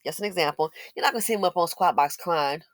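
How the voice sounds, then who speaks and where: A woman's voice: lowish voice, quick pace, no room sound, studio quality. A woman giving blunt, sarcastic opinion commentary as a channel host, scolding and mocking as she talks.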